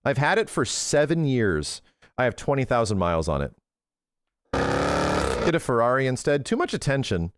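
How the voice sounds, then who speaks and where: A man streaming, chatting casually and excitedly with his viewers, swearing often and acting out his own past conversations. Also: mid-range voice, moderate pace, long pauses, no echo, clean studio sound. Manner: excitable, profane, retells talks in quoted voices. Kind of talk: casual livestream chat.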